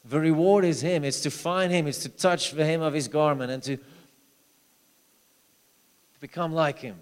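A man preaching a sermon, telling stories, with loud urging that drops to low, hushed asides. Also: normal speed, smooth. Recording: long hall reverb.

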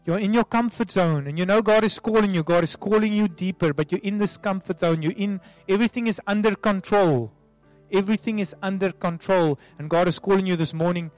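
A man as a pastor leading an altar call prayer, soft and pleading, repeating himself with many restarts. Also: high-pitched, brisk. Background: soft music.

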